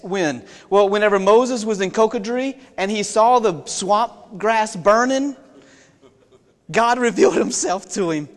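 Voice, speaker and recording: A man preaching a sermon, retelling a Bible story in a folksy way with jokey asides and questions to the congregation. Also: sits high. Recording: long reverb in a large hall.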